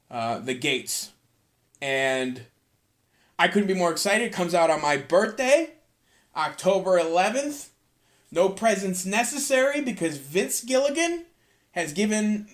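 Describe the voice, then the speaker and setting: A young man hosting his own podcast alone, rambling loosely and swearing freely in a casual rant. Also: a little high. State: tired from cleaning. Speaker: podcast host.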